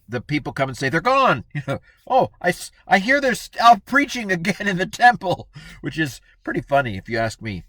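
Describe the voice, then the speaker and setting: A man's voice: mid-range voice, fairly bright tone, no room sound. A man giving a casual Bible lesson in a chatty, playful way, acting out the people he quotes. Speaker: Bible teacher.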